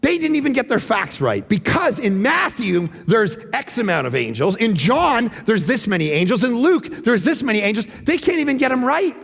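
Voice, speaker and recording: A man preaching a sermon as pastor, animated, moving from shouts down to hushed, near-whispered lines. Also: extremely high pitch, moderate pace, gravelly, hardly any pauses, breathy edge, big-room sound. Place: church hall.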